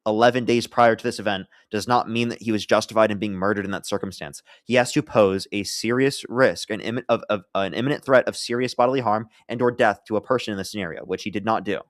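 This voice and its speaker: A man's voice: on the low side, fast talker, few pauses, dry recording, clean studio sound. A man hosting a live-stream debate, blunt and profane, pressing his opponent and reading out donor thanks.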